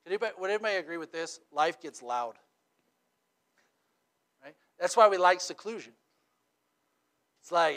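A middle-aged man preaches in a slightly high voice that moves a lot. He talks to the congregation, drops to a near hush, then builds back to loud emphasis. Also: sing-song, normal speed, long pauses. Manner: dynamic, swinging from loud emphatic to quiet and intimate; conversational, checks in with "okay?" and "right?". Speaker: pastor. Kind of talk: sermon.

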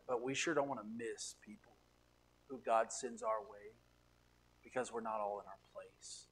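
A pastor preaching a sermon, animated, often repeating words and swinging between quiet asides and loud emphasis. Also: male voice, medium pitch. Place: church sanctuary.

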